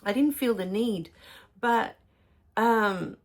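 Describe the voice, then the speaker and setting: A middle-aged woman, telling spiritual stories in a soft, emotional way with many pauses and fillers. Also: a little high. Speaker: spiritual teacher. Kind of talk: personal spiritual storytelling.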